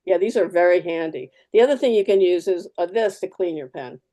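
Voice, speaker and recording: A woman's voice: lowish voice, brisk, warm tone. A woman artist giving a live fountain pen demo, chatty and practical, repeating key words for emphasis. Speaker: artist demonstrating fountain pens.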